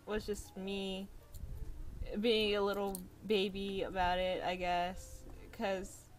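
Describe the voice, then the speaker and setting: A young woman recounts stories on a laid-back drawing stream. She talks at an unhurried pace and laughs often. Soft jazz plays faintly behind her voice. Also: mid-range voice, rough recording. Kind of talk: casual storytelling while drawing. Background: soft jazz music.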